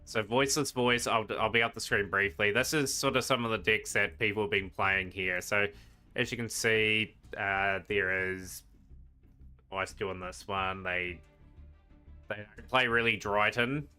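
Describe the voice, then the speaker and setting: A man casually commenting while he streams a card game, rambling and trailing off into quiet asides. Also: fairly low pitch, steady tone, a little slow, clear, resonant tone. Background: game music.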